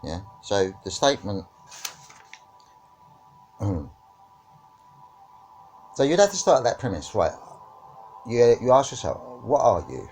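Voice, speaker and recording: A man's voice: medium pitch, very animated, takes it slowly, pauses often, a little mellow, faint music behind. A man teaching about witchcraft and spirituality in a reflective discussion, often checking in with "right?" and "yeah?".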